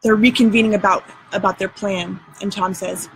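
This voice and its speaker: A woman reading a novel aloud and adding her own relaxed comments. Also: mid-range voice, moderate pace, slight background noise, low-quality recording. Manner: relaxed aside, brief fillers. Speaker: reader and teacher.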